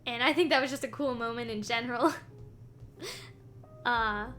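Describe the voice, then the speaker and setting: A woman's voice: on the high side, normal speed, a bit bright. A woman streamer chatting casually as she recaps a game series, rambling with lots of ums and small laughs. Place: home streaming setup.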